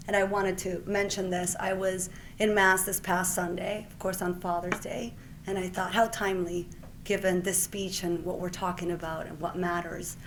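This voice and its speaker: A woman in her forties from Puerto Rico gives an awards speech in a mid-pitched voice. She tells her story with lively warmth and often slips into acting out the conversations she recalls. A faint hum of noise sits under her voice. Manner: lively storyteller who acts out the exchanges she retells. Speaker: award recipient giving a speech.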